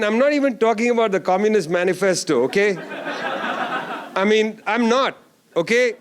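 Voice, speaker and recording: A man's voice: very high voice, a bit bright. A man giving a closing keynote at a conference, speaking emphatically with sarcastic asides and repeated lines. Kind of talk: political speech. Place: conference hall.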